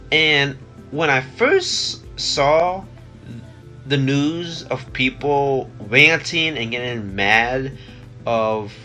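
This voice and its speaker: A man's voice: medium pitch, bright, forceful tone. A young man with a stuffy nose from a cold, rambling casually with many fillers and restarts. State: congested from a cold. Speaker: vlogger.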